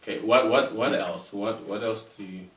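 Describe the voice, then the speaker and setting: A middle-aged South African man chats easily, low in pitch and prone to repeating himself. His voice sounds roomy and a little distant from the mic. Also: moderate pace. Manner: easygoing, repeats words and chuckles often. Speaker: podcast host and father. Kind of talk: casual conversation.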